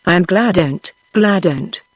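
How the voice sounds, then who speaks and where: A text-to-speech woman's voice with a British English accent reading the lines of a gruff, blustering elderly earl flatly. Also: lowish voice, a little slow, dry recording.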